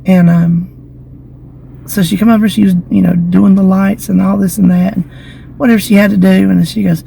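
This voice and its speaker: A slightly hoarse woman, chatting to her phone camera outdoors in the shade and telling gossipy stories. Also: medium pitch, flat delivery, a little fast, warm tone, a little hiss or hum, poor audio. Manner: chatty, gossipy storytelling with giggles. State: slightly hoarse from lingering illness. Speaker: vlogger. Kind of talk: casual chat to camera. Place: outdoors in the shade beside a building.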